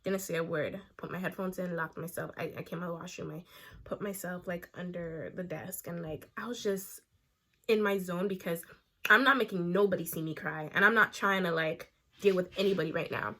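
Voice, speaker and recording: Young woman, bright tone, lively chatty storyteller, casual vlog. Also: fairly low pitch, fairly quick. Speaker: beauty vlogger.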